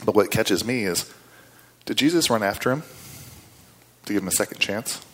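A man's voice: on the low side, expressive, moderate pace, a bit bright. Man preaching a folksy sermon. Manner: conversational, with folksy asides and rising emphasis. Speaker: guest preacher.

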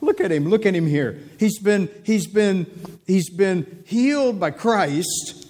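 A man's voice: lively intonation, takes it slowly, a little mellow. Emphatic man preaching a sermon. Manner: emphatic, repeats phrases, rises in pitch for stress.

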